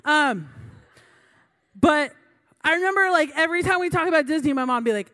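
A woman's voice: high-pitched, expressive, fairly quick, sharp tone. A young adult woman giving a sermon through a funny personal story, chatty and self-mocking, laughing between lines. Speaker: preacher.

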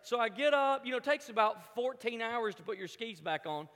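A man telling a humorous personal story to an audience, animated, stumbling over repeated words and acting out his own thoughts. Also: very high-pitched, fairly quick, big-room sound.

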